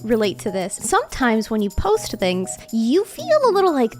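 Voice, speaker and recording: A young woman streamer talking in a casual, jokey vlog style, her voice jumping up when she gets excited. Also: a little high, moderate pace, soft background music. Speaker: streamer and content creator.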